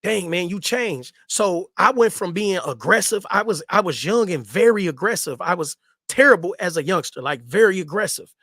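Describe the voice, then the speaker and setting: A man with a high-pitched voice tells a story from his own life in relaxed street slang. He circles back and repeats lines for emphasis. The sound is dry and close, with no room echo. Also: normal speed. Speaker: host telling his story. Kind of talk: casual storytelling.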